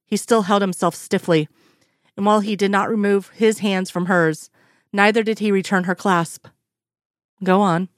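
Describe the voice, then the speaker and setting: A woman reading a romance story aloud in a steady, unhurried way. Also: medium pitch, no room sound, clean studio sound. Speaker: reader. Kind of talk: fan fiction read aloud.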